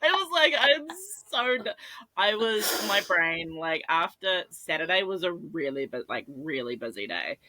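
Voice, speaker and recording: Lively young woman with a bright, dry voice. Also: measured pace, dry recording. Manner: animated storyteller, acts out her own quotes with big pitch jumps. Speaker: podcast co-host. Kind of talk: casual chat.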